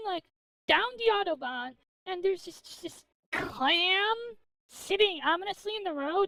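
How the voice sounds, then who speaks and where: A woman streamer with a high, bright pitch and a gravelly, fry-laced edge rambles through a gaming stream. She talks in a manic, joking way and swears freely. The sound is close and dry. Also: sing-song, normal speed, dry recording, rough recording. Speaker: VTuber streamer. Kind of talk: casual gaming stream chat.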